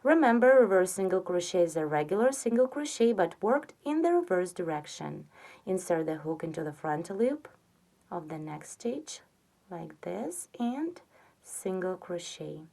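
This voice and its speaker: A woman giving a step-by-step crochet tutorial, patiently counting stitches aloud and softly trailing off on the counts. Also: lowish voice, big pitch swings, moderate pace. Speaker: crochet instructor.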